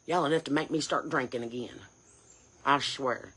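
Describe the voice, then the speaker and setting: A woman's voice: mid-range voice, expressive, a little fast, pushed and bright. A woman playing a brash, indignant chain-smoking mom, scolding and firing off rhetorical questions. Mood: indignant rant. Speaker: comedy character creator. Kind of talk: character comedy rant.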